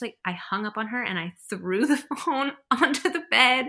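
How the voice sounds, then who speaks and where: A young mother tells her birth story in a casual, chatty way. Her voice is bright and forward, and she laughs often. She slips into little impressions of the people she quotes. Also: medium pitch, normal speed, hardly any pauses. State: pregnant.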